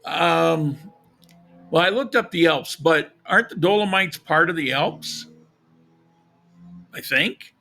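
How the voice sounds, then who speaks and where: Hoarse, gravelly-voiced man hosting a podcast. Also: fairly high pitch, slow pace, long pauses, bright, forceful tone, soft background music. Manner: rambling, self-correcting, chuckles at own jokes. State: hoarse, froggy voice. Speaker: podcast host. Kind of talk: casual live-stream chat.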